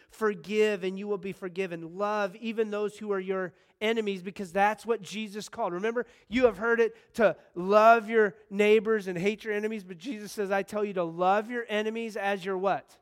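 A man in his thirties preaching a sermon as pastor, talking in a conversational way and telling stories with sudden bursts of excitement. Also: high-pitched, moderate pace, hardly any pauses.

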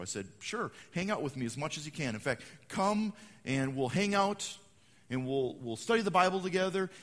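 A man preaching a sermon, acting out quotes and swinging between loud proclamations and hushed asides. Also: fairly high pitch. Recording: long hall reverb.

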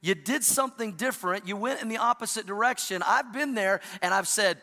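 Middle-aged male pastor, high bright voice, animated storytelling sermon in a reverberant hall. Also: a little fast. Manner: storytelling, animated, with playful asides.

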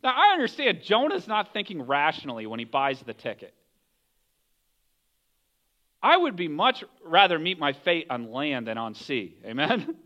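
Animated high-voiced male pastor preaching. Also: normal speed, highs cut off. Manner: animated storytelling, acts out voices of characters. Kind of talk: sermon.

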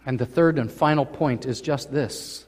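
A man preaching a sermon as pastor, speaking slowly and emphatically with drawn-out phrases. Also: mid-range voice. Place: church sanctuary. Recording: church hall with long reverb.

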